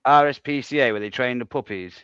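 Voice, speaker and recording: A man's voice: mid-range voice, fast talker, a bit bright, clean tone, dry recording. A man telling brash stories on a livestream panel. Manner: storytelling, brash. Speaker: panel guest. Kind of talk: casual chat. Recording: dull lo-fi line.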